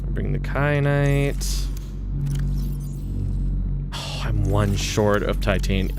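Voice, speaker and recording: A man's voice: lowish voice, very slow, creaky, music in the background. Rambling Canadian man streaming a game. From Western Canada. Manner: rambling, restarts sentences, chuckles often. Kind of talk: casual gaming stream chat.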